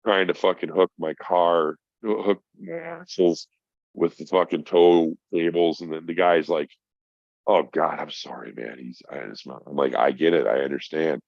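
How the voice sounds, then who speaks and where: A man's voice: sits low, animated, normal speed, gravelly, darkish tone, no room sound. A middle-aged man, stoned, telling a rambling, profane story in casual chat as a podcast guest. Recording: dull lo-fi sound.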